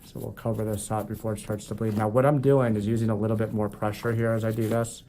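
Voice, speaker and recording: A man working as a foot doctor, narrating a procedure as he does it in a clinic treatment room. He talks in a calm, explanatory way and jokes with his patient. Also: lowish voice, fast, a little hiss or hum.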